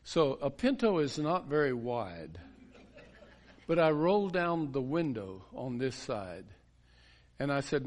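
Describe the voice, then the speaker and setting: A man's voice: medium pitch, animated, measured pace. A man, a pastor, telling a story in a sermon in a folksy way, chuckling and restarting his sentences.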